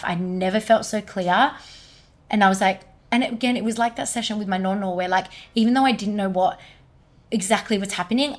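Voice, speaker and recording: Young woman telling her story animatedly. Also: mid-range voice. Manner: animated retelling, quoting others in lively bursts. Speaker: energy healer guest. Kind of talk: podcast conversation, storytelling.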